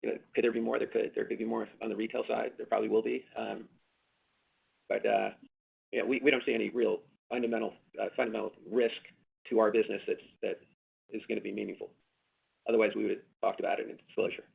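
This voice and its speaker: Brief: male exec, very gravelly and husky, repetitive and filler-heavy, tinny phone line. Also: lowish voice, flat delivery, fast. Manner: rambling, many fillers and restarts, emphatic repetition. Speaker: company executive answering analysts. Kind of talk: earnings call answers.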